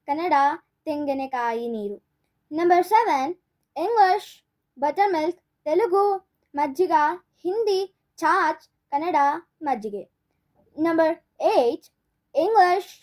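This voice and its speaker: A woman hosting a children's vocabulary lesson, reading word lists slowly and evenly and greeting young viewers in a cheerful, sing-song way. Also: very high voice, a little mellow. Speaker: host of a language channel for children.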